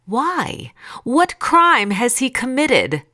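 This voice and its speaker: A woman's voice: lowish voice, big pitch swings, a little slow, fairly bright tone. A woman voicing a stern but uneasy male Roman governor who pleads and reasons with a crowd. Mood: questioning.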